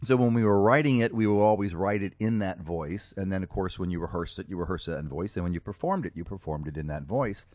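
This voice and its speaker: A man's voice: deep voice, fast, hardly any pauses, darkish tone, no room sound, studio quality. A middle-aged man from Cincinnati, a guest on a podcast, telling stories in a self-mocking way with frequent laughs. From Cincinnati, USA. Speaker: guest, comedic speaker and character performer. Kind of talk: casual podcast chat.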